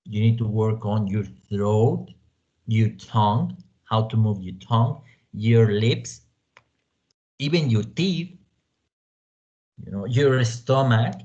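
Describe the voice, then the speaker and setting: A man from Mexico teaching an online language class, speaking deliberately and often dropping in "you know" as a filler. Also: on the low side, a little mellow. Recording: dull lo-fi audio.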